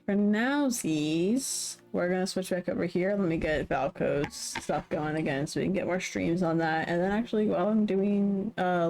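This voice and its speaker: A woman from the Southern United States streams live, her lowish voice carrying a darkish tone. She chats casually and meanders, using many fillers.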